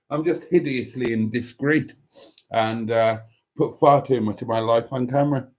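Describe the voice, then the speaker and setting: A man's voice: mid-range voice, a little mellow. A man hosting a casual live stream, reading chat messages aloud and chatting in a self-deprecating way. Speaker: livestream host reading chat.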